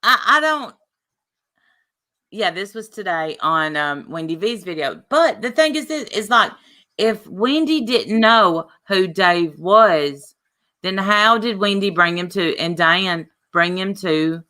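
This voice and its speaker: A woman hosting a casual livestream, sarcastic and animated, laughing often as she reads comments. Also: mid-range voice, slow. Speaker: livestream host.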